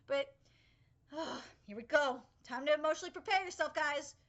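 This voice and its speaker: Bright high-voiced young woman reacting live. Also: moderate pace, highs cut off. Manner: excitable, swears freely, rambling asides. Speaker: anime reaction host.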